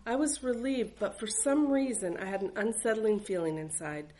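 A woman's voice: medium pitch, moderate pace, mellow, poor audio. A woman reading aloud from her own memoir as a mother, in an earnest, reflective voice. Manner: earnest, reflective, faith-filled.

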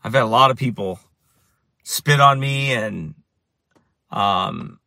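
He has a mid-range, creaky voice with a sharp tone and speaks slowly, in studio-quality sound with no echo. The street preacher's casual storytelling monologue is repetitive, with phrases restarted to drive points home.

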